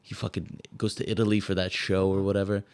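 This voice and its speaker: A man's voice: sits low, little pitch movement, fast talker, a little mellow, clean tone. A young man from Malta co-hosting a casual podcast, ranting in a heated, swearing, rambling way. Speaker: podcast co-host. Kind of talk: casual chat.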